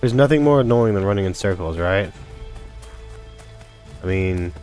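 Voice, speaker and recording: A man's voice: low-pitched, lively intonation, moderate pace, darkish tone, faint music behind. A man doing let's play commentary on a video game, frustrated and angry, swearing constantly. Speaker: gamer playing a video game.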